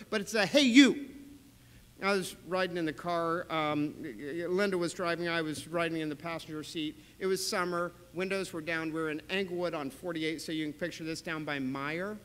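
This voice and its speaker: A man preaching in a church sanctuary, his voice high for a man and bright with a forceful edge. He tells his stories with animated swings and sudden loud bursts. Long church reverb trails behind every phrase. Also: normal speed, hardly any pauses, slight background noise. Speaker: pastor. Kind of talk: sermon.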